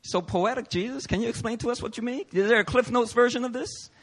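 A male preacher voicing confused disciples asking Jesus to explain in a soft, quizzical tone. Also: extremely high pitch, quick pace, husky, voice pushed up, heavily acted. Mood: puzzled. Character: puzzled disciples, young men, casual and confused.

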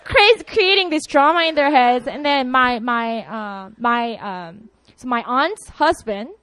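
A young woman from South Korea, giving an animated personal testimony and laughing often. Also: on the high side, unhurried, no room sound.

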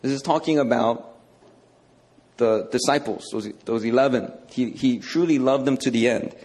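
A man's voice: mid-range voice, moderate pace, darkish tone. A male preacher teaching a sermon in a conversational, emphatic way, often checking in with "okay".

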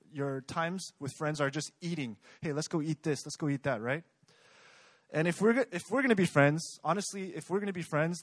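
This young preacher's voice sits a little high, and he talks to the congregation as if in conversation, regularly posing questions to them. No room sound is audible.

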